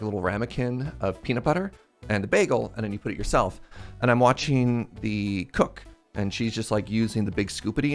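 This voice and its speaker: A man live-streaming a game, telling a story in a chatty, animated way and laughing at himself. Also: fairly low pitch. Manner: animated storytelling, self-mocking, laughs often. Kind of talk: casual live-stream chat. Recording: faint game music behind.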